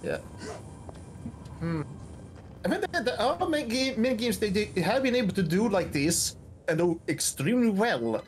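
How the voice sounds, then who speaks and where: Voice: mid-range voice, very animated, normal speed, long pauses, faint music behind. A stream co-host casually talking over a game, thoughtful and critical. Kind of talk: casual gameplay commentary. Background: game audio.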